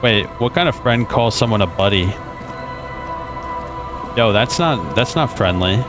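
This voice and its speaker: A man's voice: fairly low pitch, lively intonation, a little slow, over music. A male streamer chatting casually and joking while playing and reading game dialogue aloud. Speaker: gaming streamer. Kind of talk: casual let's play commentary.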